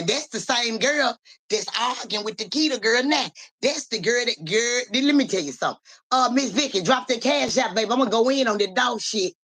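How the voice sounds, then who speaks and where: Streaming live as a psychic reader, a young woman tells a story directly to her audience in vivid, profane, casual talk, using a mid-range voice.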